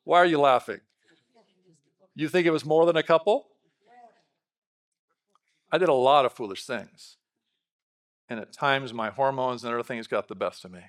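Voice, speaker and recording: A middle-aged male pastor preaching a lively sermon, bantering with the congregation and asking them questions. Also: medium pitch. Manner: lively, talks with the congregation, quick asides.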